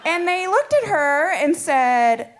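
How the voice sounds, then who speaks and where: High-voiced woman telling a funny story. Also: slow. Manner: animated, playful, laughing through the telling. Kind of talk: live comic storytelling to an audience.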